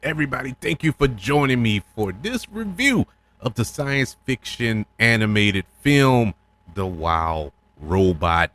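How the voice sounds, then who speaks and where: A man's voice: medium pitch, sing-song, measured pace, fairly bright tone. A middle-aged man hosting a podcast, giving an enthusiastic casual film review, repeating himself for emphasis and laughing often.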